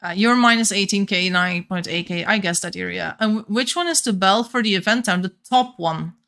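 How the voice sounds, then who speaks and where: A woman's voice: medium pitch, fairly quick. Flemish woman chatting on a game stream. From Belgium. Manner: a bit monotone at times, laughs often. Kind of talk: casual live-stream chat with viewers.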